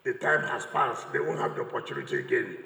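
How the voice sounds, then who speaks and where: A man's voice: mid-range voice, lively intonation, fast talker, vocal fry, pushed and bright. A man with a Nigerian English accent giving a combative political speech, mocking his opponents and repeating lines for emphasis. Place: large church hall. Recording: echoey church hall, long reverb.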